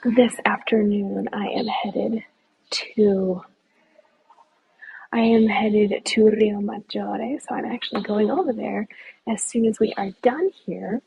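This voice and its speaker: A woman leading a live walking tour outdoors, talking in a relaxed, often hushed way as she walks with her phone. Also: medium pitch, takes it slowly, creaky, slightly rough, dry recording, narrow, tinny audio. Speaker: tour guide. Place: outdoors in a hillside village.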